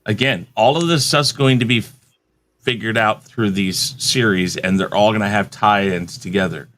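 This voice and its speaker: A low-pitched man talking casually on a review panel. He explains patiently and corrects others firmly. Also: normal speed, fairly bright tone, a little hiss or hum. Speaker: podcast panelist. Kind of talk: casual chat.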